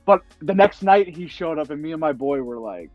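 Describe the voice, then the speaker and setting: A young man hosting a casual chat, telling lively anecdotes and acting out the voices of people he quotes. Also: fairly high pitch, brisk, no room sound, lo-fi sound, faint music behind. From United States. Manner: animated storyteller, acts out quoted voices. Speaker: podcast host.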